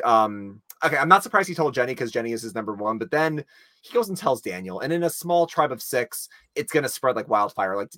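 A man chats through a casual recap with an amused tone, tossing in quick asides. His voice is bright and a little tense. The recording is close and dry. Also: mid-range voice, no echo. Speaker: podcast co-host.

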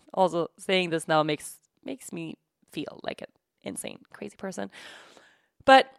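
A woman in her thirties hosting a podcast, talking candidly and emotionally in a halting way, tired from sleepless nights. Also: lowish voice, lively intonation, gravelly, no room sound, studio quality. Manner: halting, emotional, many restarts and "like". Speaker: podcast host. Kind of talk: candid personal monologue.

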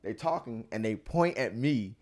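An American man co-hosting a podcast, telling a story in a laid-back, frank, animated way and acting out the people in it. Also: medium pitch, moderate pace. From United States. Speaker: podcast co-host. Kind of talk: casual chat, storytelling.

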